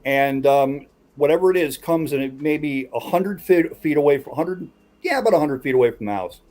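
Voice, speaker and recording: A man's voice: a little high, expressive, brisk, a little mellow. A man hosting a casual podcast chat who builds suspense as he tells a story. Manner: builds suspense while recounting a tale.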